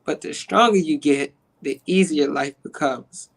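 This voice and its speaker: A man being interviewed, an actor, telling an emotional personal testimony in a slangy, animated, preacher-like way, acting out quoted dialogue. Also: a little high, measured pace, gravelly, low-quality recording. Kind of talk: emotional conversational storytelling.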